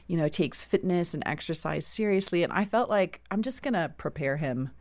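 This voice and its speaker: A woman's voice: lowish voice, expressive, normal speed, a little mellow, no room sound. Earnest woman guest, dry close sound. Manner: earnest, reflective, laughs often. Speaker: guest author. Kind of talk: conversational interview.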